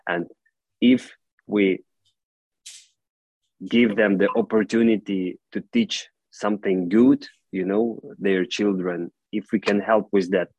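Man, low and halting. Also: steady tone, darkish tone, no echo, dull audio. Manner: halting, earnest, many "you know" fillers. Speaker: football club director, guest. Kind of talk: interview answers.

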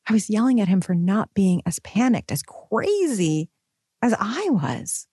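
Candid, animated new mom vlogging. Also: female voice, mid-range voice, a little slow, breathy edge, no room sound. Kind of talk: personal confessional vlog.

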